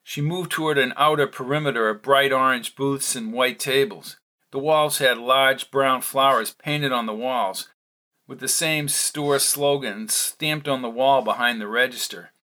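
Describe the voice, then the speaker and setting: A man's voice: medium pitch, a little slow, sharp tone. Man narrating an audiobook. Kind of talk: scripted narration.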